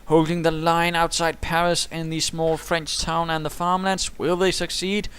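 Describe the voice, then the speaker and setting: A man commentates a strategy game replay with a playful, theatrical flair. His voice sits a little high and comes through smooth and crisp, and he keeps slipping in whimsical asides. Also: flat delivery, normal speed, a bit bright. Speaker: caster.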